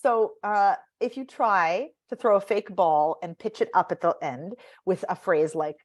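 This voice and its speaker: A woman's voice: mid-range voice, normal speed, few pauses, a little mellow. A woman speaking as a voice and speech coach in a podcast interview, animatedly demonstrating vocal patterns by acting them out.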